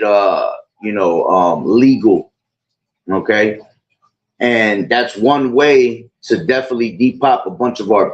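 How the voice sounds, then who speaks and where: धीमे-भारी सुर वाला आदमी, जो बार-बार रुककर और भराव-शब्दों के साथ बातचीत में अपनी बात कहता है; आवाज़ धुँधली और लो-फ़ाई रिकॉर्डिंग में है।. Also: male voice, lowish voice. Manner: rambling, with many fillers and repeated asides. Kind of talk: casual chat, preaching-tinged commentary. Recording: dull lo-fi audio.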